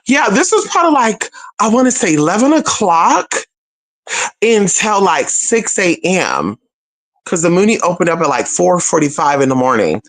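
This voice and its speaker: A young adult streamer telling a personal story to viewers in a casual, animated, profane way, often addressing them as "y'all" and "girl". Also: mid-range voice, normal speed.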